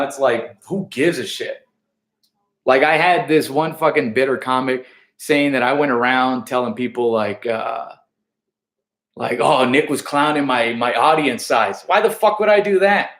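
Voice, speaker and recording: A US stand-up comic with a medium-pitched, slightly bright voice chats in an echoey room during a casual backstage interview. He's profane and rambling, restarting his lines again and again.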